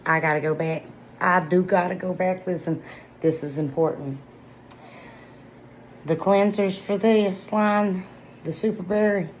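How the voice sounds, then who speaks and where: A woman, chatting excitedly straight to her viewers about products she loves. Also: deep voice, a little hiss or hum, rough recording. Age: 40s. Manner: excitable, chatty, talks straight to viewers with lots of "y'all" and "listen". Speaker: vlogger reviewing products. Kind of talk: casual product review vlog.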